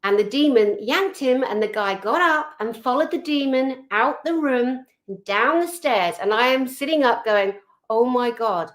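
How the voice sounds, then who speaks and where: A woman telling a personal story in a chatty, animated way over a video call, with lots of fillers. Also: high voice, moderate pace, hardly any pauses. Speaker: guest.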